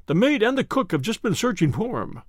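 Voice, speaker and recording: A man's voice: sits high, very animated, a little fast, dry recording, clean studio sound, voice pushed up. A man voicing an anxious, earnest male doctor who speaks urgently.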